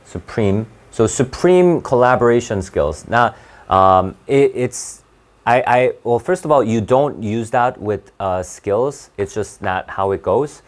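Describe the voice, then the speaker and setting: A low-voiced young man runs a test-prep class. He talks in a halting, chatty way and keeps restarting his sentences as he works through each question. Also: lively intonation. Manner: halting and conversational, with many restarts and fillers. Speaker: SAT tutor. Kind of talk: live classroom lesson.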